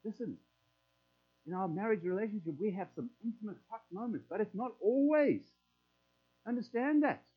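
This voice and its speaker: Middle-aged male preacher, high voice, folksy sermon delivery, tinny phone-line sound. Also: expressive, normal speed. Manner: conversational and folksy, acting out prayers in quoted voices.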